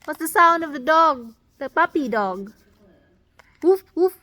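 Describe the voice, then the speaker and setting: A woman's voice: high voice, lively intonation, measured pace, sharp tone. A woman, using playful baby talk and mimicking animal sounds for a toddler. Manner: sing-song, imitates animal sounds. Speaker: parent teaching a toddler.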